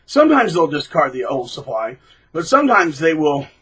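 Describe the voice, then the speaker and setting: A man hosting his own channel, talking bluntly and casually, mocking people by acting out quotes in shrill put-on voices. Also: very animated, normal speed, a bit bright, husky, poor audio. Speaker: channel host. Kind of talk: casual monologue.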